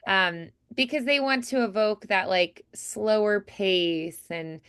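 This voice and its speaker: A woman's voice: medium pitch, slow pace, fairly bright tone. A woman coaching a voiceover student in an encouraging, chatty way with many fillers. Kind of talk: coaching feedback, conversational.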